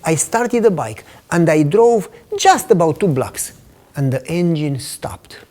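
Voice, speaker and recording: A man's voice: fairly high pitch, big pitch swings, a little slow, darkish tone. A male pastor preaching a sermon, telling a personal story earnestly and dropping to a whisper to stress points.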